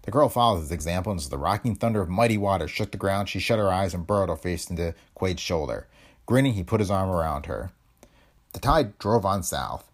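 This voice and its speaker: A man narrating a pulp adventure story in a dramatic, expressive storytelling manner. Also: low voice, brisk.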